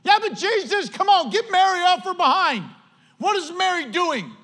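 A man's voice: very high voice, expressive, moderate pace, sharp tone, big-room sound, voice pushed up, exaggerated voice. A man preaching plays an overworked, complaining woman host in a whiny, pleading voice. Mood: exasperated.

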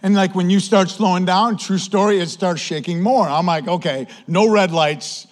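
High-voiced, animated male pastor. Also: moderate pace. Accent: Western New York. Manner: animated, conversational, says "man" often. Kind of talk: storytelling sermon.

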